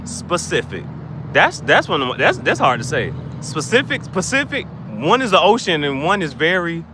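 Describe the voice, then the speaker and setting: Man, casual chat, higher voice, very lively pitch, laughs a lot. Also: normal speed, slight background noise. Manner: playful, laughs often, voice swings high and low. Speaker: channel host.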